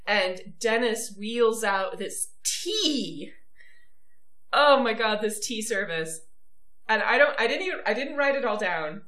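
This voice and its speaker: A woman hosting a podcast in casual chat, enthusiastic and quick to laugh. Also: medium pitch, bright, forceful tone, echoey room. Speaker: podcast host.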